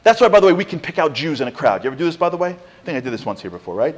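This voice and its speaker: A man giving an inspirational lecture with humor, an animated storyteller who fires off rhetorical questions to the audience in a large lecture hall. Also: a little high, very fast. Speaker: speaker. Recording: long hall reverb.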